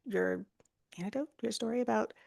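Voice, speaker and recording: A woman's voice: fairly high pitch, fairly quick, gravelly, a little mellow. A woman co-hosting a podcast, explaining ideas in a casual, chatty way with lots of fillers and restarts. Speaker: podcast co-host.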